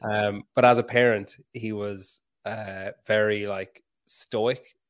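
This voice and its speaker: A man's voice: lowish voice, steady tone, slow pace, smooth. A man in his thirties chatting casually about parenting, rambling and self-mocking, swearing freely. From Ireland. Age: 30s. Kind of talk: casual chat.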